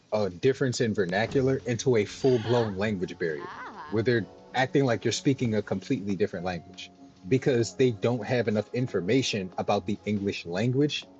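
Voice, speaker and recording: A man's voice: on the low side, darkish tone. Man streamer explaining, lo-fi mic. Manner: explanatory, loose, keeps checking in with "right?". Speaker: gaming streamer. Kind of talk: livestream commentary while gaming.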